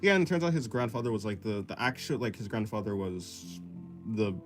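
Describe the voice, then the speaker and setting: A man chatting casually on a drawing stream, his pitch bouncing up and down with a lot of movement. He reads viewer messages aloud and answers in a loose, self-deprecating, rambling way, often laughing. A soft guitar plays quietly behind him. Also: animated, a little fast. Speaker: art livestreamer. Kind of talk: casual livestream chat while sketching, reading chat aloud.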